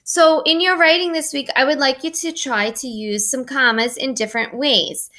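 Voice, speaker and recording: A woman's voice: high-pitched, steady tone, moderate pace, bright, forceful tone. A middle-aged woman teacher giving a recorded writing lesson to young pupils, explaining patiently step by step.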